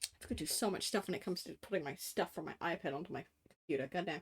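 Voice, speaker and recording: A woman's voice: lowish voice, racing, a little hiss or hum. An Australian woman in her late twenties, streaming casual chat while drawing, rambling with many fillers, casual swearing and frequent laughs. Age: late 20s.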